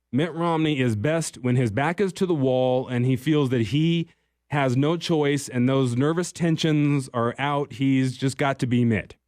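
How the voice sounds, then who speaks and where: A man's voice: medium pitch, darkish tone, no echo, clean studio sound. A man hosting a political talk radio show, speaking in a conversational, emphatic way with occasional restarts.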